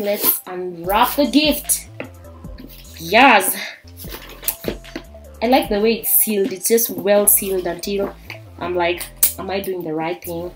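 A young woman from Kenya excitedly unboxing a beauty subscription box in a vlog, gushing and exclaiming as she goes. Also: mid-range voice. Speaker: beauty vlogger. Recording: faint background music.

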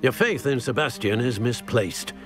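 A man voicing a weary older uncle in a video game, stern and lecturing. His pitch swings widely as he scolds, with game music playing behind him. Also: lively intonation, normal speed, close to an everyday voice.

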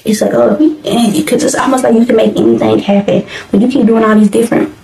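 A woman's voice: on the high side, steady tone, fast talker, vocal fry, mellow, reverberant, faint music behind, poor audio. A woman hosting a casual movie reaction, talking in a rambling, candid way with everyday slang. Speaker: movie review host.

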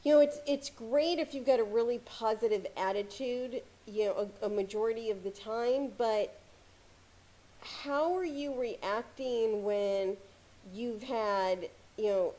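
A woman giving casual motivational advice to camera as a success coach, talking calmly with frequent "you know" fillers. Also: on the high side, measured pace. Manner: calm, conversational, many "you know" fillers.

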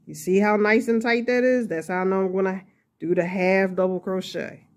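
A woman's voice: medium pitch, steady tone, normal speed. A woman hosting a casual crochet tutorial, chatty and laughing at herself as she works.

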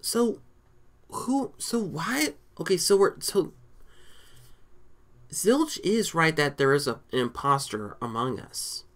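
A man giving casual, excitable commentary while playing a video game, often stammering and reading lines aloud. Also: on the high side, slow pace, long pauses. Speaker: let's play gamer.

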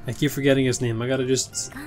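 A man's voice: medium pitch, little pitch movement, fast, darkish tone, faint music behind. A man with a stuffy nose, chatting casually and swearing lightly as he reacts to an anime episode, with the show's audio playing underneath.

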